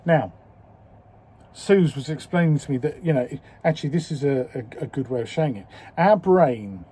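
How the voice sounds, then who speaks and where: A man in his fifties speaking candidly and slowly in a personal video diary, swearing freely as he reflects. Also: medium pitch, lively intonation, dark tone, husky. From England. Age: 50s. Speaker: video diarist.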